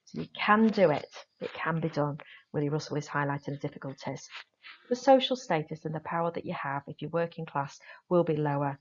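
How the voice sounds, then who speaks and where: A woman drama teacher explaining a lesson to her students, stressing the key points with lively emphasis. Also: low-pitched, brisk, dull audio. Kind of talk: recorded classroom lesson.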